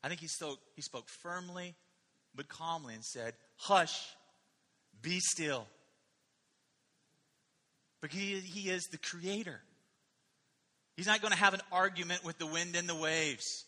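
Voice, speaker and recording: A male pastor preaching a sermon in an animated, emphatic way, often asking the listeners questions. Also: high voice, moderate pace, long reverb tail.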